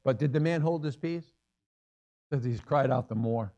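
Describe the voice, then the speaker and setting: A man's voice: mid-range voice, moderate pace, vocal fry, dark tone, dull audio. Man preaching with rhetorical questions. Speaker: pastor. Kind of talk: sermon. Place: church sanctuary.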